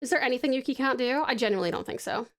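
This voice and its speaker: A Tasmanian woman with an Australian accent chats casually on a live stream in a high-pitched voice, talking very fast. Bubbly and affectionate, she swears freely, laughs often, and rambles while she sketches.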